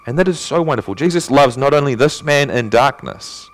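A male pastor preaching a sermon in earnest, asking rhetorical questions and swinging between emphatic and hushed delivery. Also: mid-range voice, animated, fairly quick, hardly any pauses, slight background noise.

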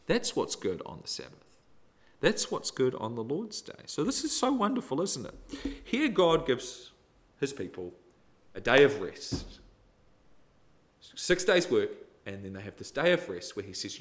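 A middle-aged man preaching a sermon, expressive and emphatic, with sudden rises and drops in loudness. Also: medium pitch, a little slow.

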